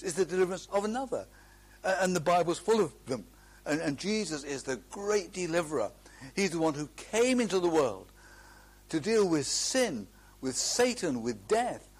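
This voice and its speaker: Husky man preaching earnestly. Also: sits high. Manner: earnest, emphatic, with slow drawn-out phrases and restarts. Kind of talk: sermon.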